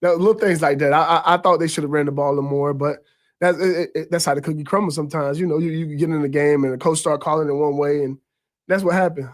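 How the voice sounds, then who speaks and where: 30s guy, ex quarterback, somewhat high voice, animated stories, repeats words a lot. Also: fast talker. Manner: animated, pitch jumps high when quoting others; repeats words while gathering thoughts. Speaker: former quarterback guest. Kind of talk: casual sports talk storytelling.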